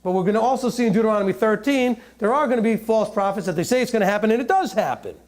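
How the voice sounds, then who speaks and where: A man with a high, very lively voice gives a teaching sermon, working through scripture verse by verse. He talks like he is chatting with his listeners, slips in jokes and keeps asking "right?" and "okay?". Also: racing. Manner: joking asides, laughing at his own humor. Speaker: Bible teacher.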